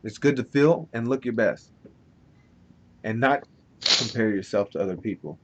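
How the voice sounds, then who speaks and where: Laid-back swearing podcast guy. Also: moderate pace. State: dry mouth. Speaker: podcast co-host. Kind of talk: casual chat. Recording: dull lo-fi recording with faint rumble.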